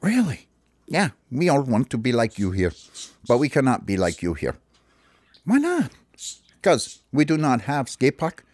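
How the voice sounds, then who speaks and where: A man voicing a friendly local bird in a told story, speaking in formal, halting phrases. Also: mid-range voice, wildly swooping pitch, darkish tone, dry recording, voice pushed up. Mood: earnest.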